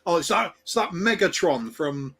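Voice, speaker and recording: A man's voice: a little high, lively intonation, moderate pace, a loud crowd. A man on a casual podcast, speaking hesitantly and rambling. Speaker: podcast panelist. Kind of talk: casual chat.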